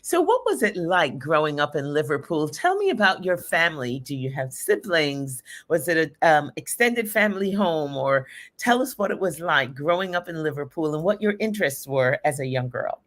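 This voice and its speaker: A woman's voice: low voice, animated, moderate pace, a bit bright. A middle-aged woman hosting a live talk show, reading sponsor notes and welcoming her guest with effusive enthusiasm.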